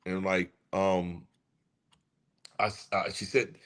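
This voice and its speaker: A man's voice: low voice, measured pace, long pauses. A man in his fifties, a music producer and guest, telling a story casually and acting out the voices of the people in it. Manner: animated, acts out quoted voices.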